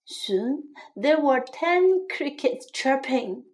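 A gentle, clear woman reading a children's story aloud and translating it line by line, then turning teacher for the lesson. Her voice is high and very lively in pitch, and she speaks slowly. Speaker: bilingual storyteller and English teacher.

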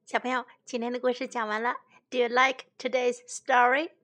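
A woman teaching children English in a bilingual lesson, repeating each phrase slowly and translating it. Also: fairly high pitch, flat delivery, a bit bright. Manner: slow, repeating phrases for learners.

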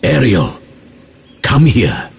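A man's voice: mid-range voice, wildly swooping pitch, gravelly, slight background noise, full character voice. Prospero, a man playing a stern old magician. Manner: slow, commanding. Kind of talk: storybook reading.

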